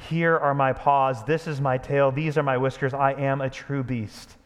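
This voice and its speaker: A pastor voicing a majestic, loving male lion who speaks slowly and solemnly in a storybook reading. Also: medium pitch, little pitch movement, long reverb tail, close to an everyday voice. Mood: commanding. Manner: slow, solemn and commanding.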